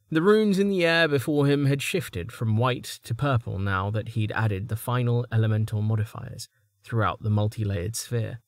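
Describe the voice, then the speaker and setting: A man narrating a fantasy audiobook in a steady, measured storytelling voice on a close mic. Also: medium pitch, no echo.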